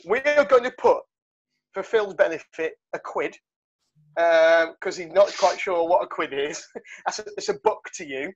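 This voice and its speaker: A man's voice: high-pitched, a little slow, slight background noise. A man hosting a rugby podcast, joking and rambling with lots of fillers. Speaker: podcast host. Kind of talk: casual rugby chat. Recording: dull lo-fi sound.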